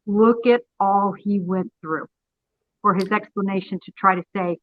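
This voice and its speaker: A woman guest breaks down a clip in an emphatic, analytical way, retelling what was said. Her voice is of middling pitch. It comes through a thin, phone-like remote line with a dry sound. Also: fairly even intonation, measured pace, no echo. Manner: analytical, emphatic, retells exchanges with mimicked quotes. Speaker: guest commentator. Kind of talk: conversational interview analysis.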